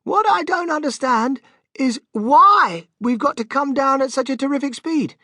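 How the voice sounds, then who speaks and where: Man playing a high earnest little boy, polite, bit nervous, storybook. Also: fairly even intonation, quick pace, no echo, clean studio sound. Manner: earnest, shouting questions. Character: curious young boy, polite but nervous.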